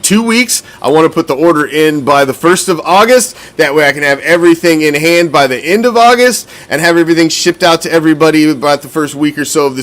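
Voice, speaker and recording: A podcast host with a slightly high, fairly bright voice runs a football fan show. He talks casually and bluntly, swears a lot, and gets winded as he goes.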